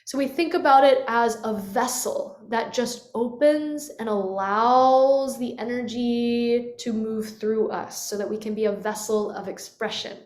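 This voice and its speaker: A woman voice coach guides a vocal lesson on camera, her voice a little high. She stops often to show sighs and yawning sounds. The room around her rings with a clear echo. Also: steady tone, a little slow, hardly any pauses, darkish tone. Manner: demonstrative, swoops into yawns and sighs. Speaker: voice teacher. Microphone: webcam. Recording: echoey room.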